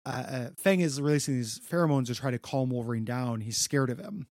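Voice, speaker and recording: A man's voice: mid-range voice, fairly quick, a little mellow, no room sound. Man, podcast co-host, chatty comic recap, stammers and repeats, dry close mic. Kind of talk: casual comic book recap chat.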